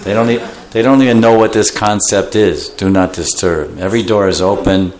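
A man's voice: lowish voice, fairly quick, a little hiss or hum. A man giving a scripture class, explaining terms and acting out voices. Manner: animated, acts out voices while explaining terms. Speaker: scripture teacher.

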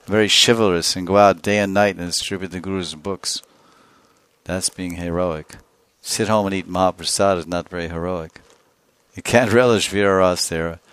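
Deep-voiced man giving a scripture lecture. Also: clear, resonant tone, no echo. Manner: animated storytelling, acts out scenes. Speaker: spiritual teacher.

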